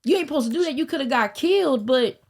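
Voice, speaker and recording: A woman from Arkansas telling crude, animated stories in a casual podcast chat. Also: high-pitched, fast. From Arkansas, American South. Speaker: podcast guest.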